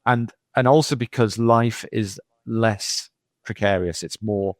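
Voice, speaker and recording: A man's voice: on the low side, steady tone, slow pace, no echo. A middle-aged male geologist talking casually as a podcast guest, rambling through anecdotes with lots of repeats and "you know".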